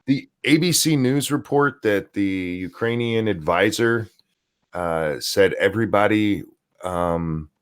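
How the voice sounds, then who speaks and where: A man's voice: lowish voice, takes it slowly, smooth. A man co-hosting a casual political talk stream, speaking hesitantly and searching for his words. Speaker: co-host of a news talk stream.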